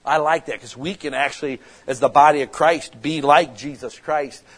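A man's voice: on the high side, steady tone, moderate pace, slightly rough, poor audio. Casual, passionate preacher man. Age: adult with children. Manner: casual and conversational, rising to passionate emphasis. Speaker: pastor. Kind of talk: sermon.

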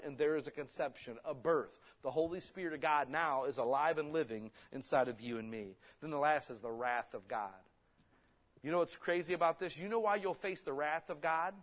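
Blunt, emphatic preaching man. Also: on the high side. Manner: blunt, folksy preaching with sudden loud emphatic bursts. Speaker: pastor. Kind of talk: sermon. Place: church hall.

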